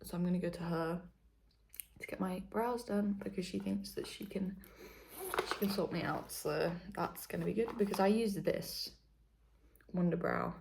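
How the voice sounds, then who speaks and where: A woman's voice: fairly low pitch, normal speed, vocal fry, background noise. A young British woman chatting casually to camera in a vlog, rambling and correcting herself, sometimes dropping to a whisper. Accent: British English. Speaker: vlogger.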